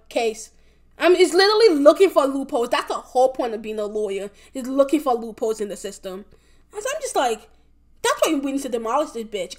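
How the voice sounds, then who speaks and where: A young woman with a high voice talks alone on her podcast. She rambles and circles back on herself, packs her talk with "like" and swear words, and sounds openly exasperated. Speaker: podcast host. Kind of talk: casual solo podcast rant.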